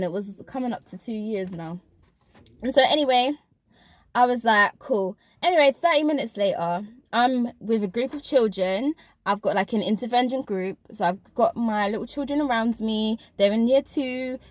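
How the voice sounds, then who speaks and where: A woman tells a story from her own life in a casual vlog, pressing hard on her points and talking straight to her viewers. Her voice sits a little high. The sound is dry and close, with no room echo. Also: moderate pace. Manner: emphatic, addresses viewers directly. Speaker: vlogger recounting a school job.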